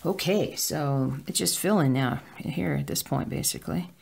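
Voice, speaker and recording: Gravelly-voiced crafter chatting at home. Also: medium pitch, normal speed, a little mellow. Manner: rambling, with filler words. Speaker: cross-stitch vlogger. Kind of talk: casual chat while stitching.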